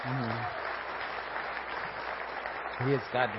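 A man in his forties tells his personal testimony in church, speaking in an emotional, animated way with laughter and swings in loudness. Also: mid-range voice, drawn-out words, muffled recording, a loud crowd, very noisy. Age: 40s. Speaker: guest speaker giving testimony.

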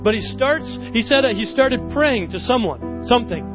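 A man preaching a sermon to his church, telling a personal story as an animated storyteller who often laughs at himself. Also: extremely high pitch, normal speed. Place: church service. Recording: slightly dull recording with worship music behind.

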